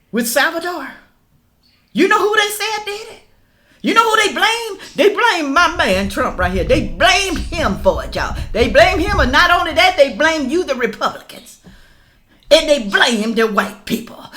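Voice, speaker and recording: A middle-aged woman giving casual reaction commentary, reading news aloud and calling out to viewers as y'all, rising to loud emphatic questions. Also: fairly high pitch. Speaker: political commentary vlogger.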